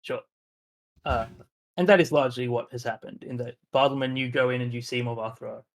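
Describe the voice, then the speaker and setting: A man's voice: medium pitch, steady tone, brisk. A man running a tabletop role-playing game, narrating the scene in a descriptive way, with frequent "uh" and "like" fillers. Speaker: game master.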